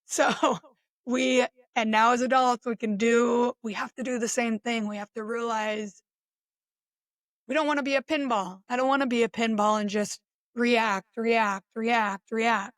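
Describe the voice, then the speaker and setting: A woman with a fairly high voice muses aloud in an open, unstructured reflection. She talks casually and often restarts her thoughts. The sound is dry and close. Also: fairly even intonation, normal speed, no echo. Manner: musing, conversational, with frequent restarts and short laughs. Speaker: self-reflection podcaster. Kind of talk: unscripted personal reflection monologue.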